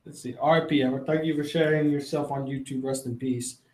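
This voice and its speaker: A man's voice: medium pitch, fairly even intonation, a little fast, darkish tone. A man hosting a casual live chat, rambling through viewer questions, cursing freely and often interrupting himself. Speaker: livestream host answering chat questions. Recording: echoey room.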